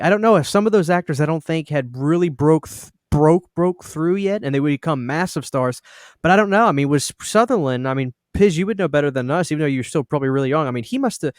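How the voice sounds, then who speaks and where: A man's voice: a little high, no echo, studio quality. A man hosting a podcast chat, asking questions in a hesitant way. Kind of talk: casual chat.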